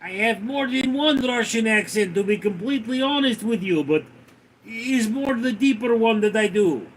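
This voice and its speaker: A man hosting a livestream, reading viewer comments aloud and answering them with dry, deadpan remarks. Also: sits high, moderate pace. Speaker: livestream host reading chat.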